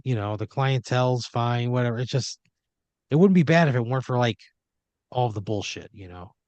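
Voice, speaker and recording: A man hosts a comedy podcast in a mid-range, darkish voice, talking fairly quickly; the audio is dull with no echo. His improvised story, told in the second person, rambles along with many fillers and jumps into quoted voices.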